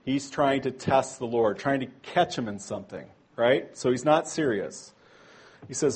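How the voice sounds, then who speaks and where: Husky-voiced man teaching a church class. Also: mid-range voice, normal speed. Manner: conversational, rhetorical asides; corrects himself aloud. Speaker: Bible teacher. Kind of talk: church training talk.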